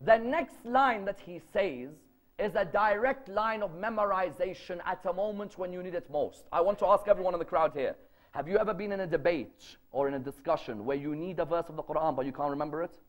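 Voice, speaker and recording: A man's voice: sits high, fairly quick, muffled recording. A man preaching to a live audience, emphatic and storytelling, firing rhetorical questions. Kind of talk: religious lecture to a live audience. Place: lecture gathering.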